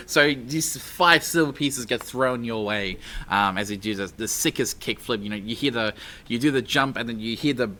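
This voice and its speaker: A man's voice: mid-range voice, bright, forceful tone, slight background noise. A man narrating as dungeon master in a casual, chatty way, with many fillers and frequent laughs. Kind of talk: narrating a tabletop game.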